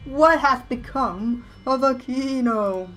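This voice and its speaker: A woman voicing a mournful, grandiose male knight ghost who speaks in archaic, theatrical drawn-out phrases. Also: high-pitched, a bit bright, faint music behind, voice pushed up. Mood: aggrieved.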